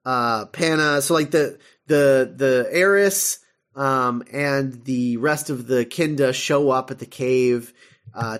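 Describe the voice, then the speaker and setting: A podcast co-host with a medium-pitched, slightly bright voice casually recaps an episode. He's chatty, laughs often, and leans on lots of fillers as he retells it.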